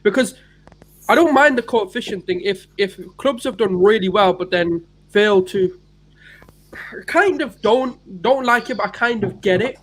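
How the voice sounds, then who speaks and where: A man's voice: sits high, lively intonation, fairly bright tone, low-quality recording. A man co-hosting a casual football chat, hedging and weighing up his view. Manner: hedging, measured. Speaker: co-host.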